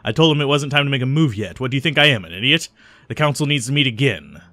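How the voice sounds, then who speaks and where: A man's voice: mid-range voice, expressive, quick pace, pushed and bright, no room sound. A man reading out the overheard phone lines of a scheming woman in a game, in a plain read-aloud voice. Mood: curt.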